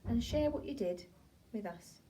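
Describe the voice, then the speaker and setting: A woman teacher, gently retelling a story to young children in a drawn-out, sing-song way. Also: a little high, animated. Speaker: primary school teacher. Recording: voice from a distance off the mic.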